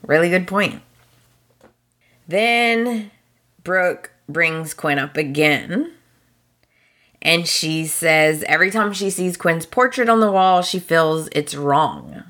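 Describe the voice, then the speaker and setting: Woman host, low and unhurried, chatty soap recapper who quotes the characters. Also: lively intonation, a bit bright. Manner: chatty storytelling with quoted dialogue and chuckles. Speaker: podcast host. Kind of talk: casual soap opera recap.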